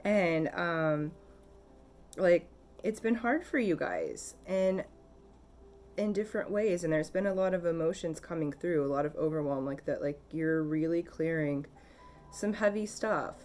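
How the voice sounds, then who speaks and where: Woman, low voice, casual spiritual card reader, gentle and teary, lots of ums. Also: a little slow, slight background noise. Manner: soft, gentle and emotional, with many fillers. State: tearful. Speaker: tarot and oracle card reader.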